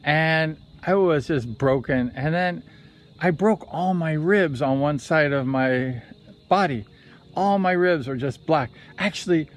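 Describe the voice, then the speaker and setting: A man and former motorcycle racer telling a story in a rambling, conversational way, sometimes correcting himself. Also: a little high. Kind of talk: casual storytelling vlog.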